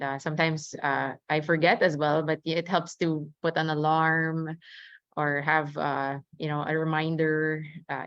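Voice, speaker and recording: A woman's voice: deep voice, dry recording. A young woman speaking earnestly at a webinar about caring for her mother, with many fillers and restarts. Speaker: family caregiver sharing experience. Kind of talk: webinar talk. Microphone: video call. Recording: dull lo-fi video call audio.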